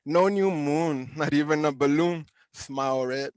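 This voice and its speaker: A man slowly reading his own poetry at an online open mic from home. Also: a little high, darkish tone, smooth, dry recording. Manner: slow, deliberate reading with pauses. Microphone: video call.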